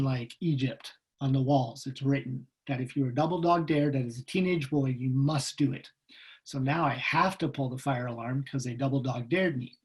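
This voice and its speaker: A man telling stories from his own life to an audience as a guest speaker, recorded over a video call. He talks in a lively, humorous way and slips into the voices of the people in his stories. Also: mid-range voice, rough recording. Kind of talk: personal storytelling talk.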